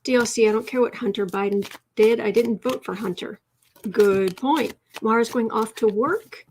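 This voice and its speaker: A woman hosting a casual tarot livestream, chatting with viewers, reading their comments aloud and cooing softly to her cat. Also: on the high side, normal speed, a little hiss or hum. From United States. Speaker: tarot reader and livestream host.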